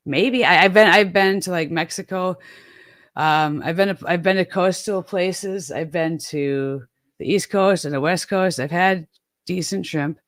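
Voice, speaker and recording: This middle-aged woman from the American Midwest speaks on the low side at an unhurried pace, with no echo. As host of a casual chat, she rambles, pokes fun at herself, and keeps restarting.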